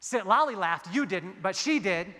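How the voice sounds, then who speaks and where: A man with a very high, piercingly bright voice tells stories from a stage in a big hall. He jokes with the crowd and acts out the dialogue in a lively way. His voice trails off into a long hall reverb. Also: normal speed, a little hiss or hum. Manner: animated, jokey storytelling with acted-out dialogue. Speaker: keynote speaker. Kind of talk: motivational keynote storytelling. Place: large hall before a big audience.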